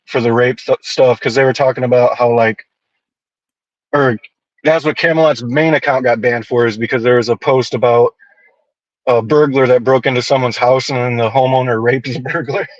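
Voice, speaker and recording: A man's voice: mid-range voice, moderate pace, no echo. A man guesting on a casual podcast tells his stories bluntly and swears a lot, with a mid-range voice. His audio sounds dull and a little lo-fi. It is also dry, with no room sound. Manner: blunt, profane, animated storytelling.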